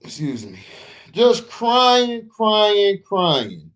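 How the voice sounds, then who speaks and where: A man hosting a casual sports livestream, breaking into loud shout-outs to his chat viewers. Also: sits high, wildly swooping pitch, extremely slow. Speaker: sports talk livestream host.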